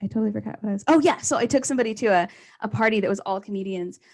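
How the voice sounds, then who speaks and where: A woman's voice: medium pitch, racing, a little mellow. A woman stand-up comedian in casual conversation, chatty and rambling, laughing often.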